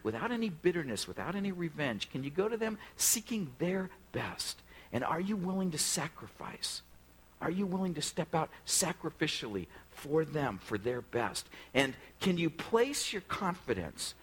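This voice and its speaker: Husky-voiced man preaching a sermon. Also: fairly high pitch, poor audio. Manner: conversational, questions the congregation directly. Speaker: pastor.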